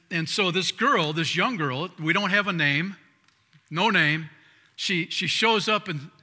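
A male pastor delivers a sermon in a very bright, forceful voice pitched a little high for a man. His style is conversational, with restarted words, shifting between loud emphatic lines and hushed asides. A long hall reverb surrounds the sound.

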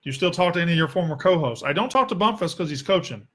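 A man's voice: fairly high pitch, lively intonation, very fast, fairly bright tone. A young man with a Southern US accent, hosting a casual solo sports Q&A in a blunt, profane and sarcastic way. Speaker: sports podcast host.

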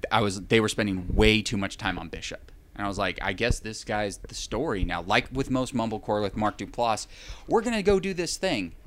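A man's voice: lowish voice, fairly bright tone, slight background noise. A man in casual chat, recapping a film in a rambling way with wry, sarcastic asides.

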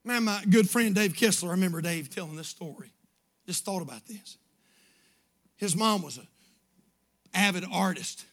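A male pastor preaching a fervent revival sermon in church, climbing to shouted bursts and then dropping low and quiet, acting out pleading prayers. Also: normal speed, pauses often. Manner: acts out prayers and quotes in a pleading voice.

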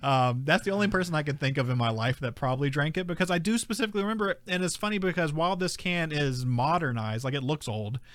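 Giggly, chatty man with a higher voice. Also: quick pace, hardly any pauses, dry recording. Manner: chatty, giggly, many "like" fillers. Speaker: podcast co-host. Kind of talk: casual chat.

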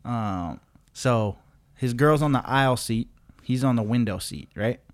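A man's voice: medium pitch, unhurried. A man co-hosting a podcast, telling a story in a loose, profane, laid-back way with lots of fillers. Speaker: podcast co-host. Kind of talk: casual storytelling chat.

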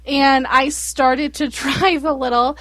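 A woman in her thirties telling an everyday story in casual chat, animated and acting out quotes. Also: high voice, slow pace, dry recording.

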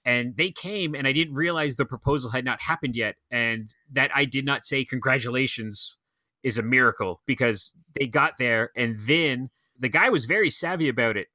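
Bright-voiced man telling stories. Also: mid-range voice, no echo, studio quality. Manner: animated storyteller, quick run-on anecdotes. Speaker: movie theater operator. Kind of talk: casual podcast chat.

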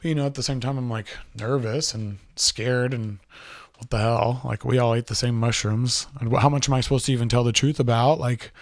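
A young man telling a personal story in a loose, rambling way, full of filler words and swearing. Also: medium pitch.

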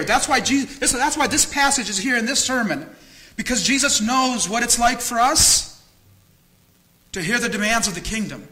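A man's voice: very high voice, pushed and bright, poor audio. A man preaching a sermon as pastor, earnest and candid, repeating phrases for emphasis. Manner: candid, self-disclosing.

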